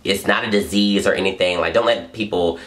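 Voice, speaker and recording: A man's voice: deep voice, a little fast, a bit bright. A young man telling a personal story straight to camera in an earnest, gushing vlog, often repeating himself. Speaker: vlogger. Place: home in Los Angeles.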